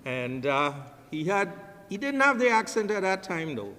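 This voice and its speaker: An older man with a Trinidadian accent delivers a eulogy full of jokes at a funeral home service hall, sharing jovial stories and laughing with the room. His voice is high-pitched, bright, and forceful, very animated at a normal speed. The hall adds long reverb, with slight background noise.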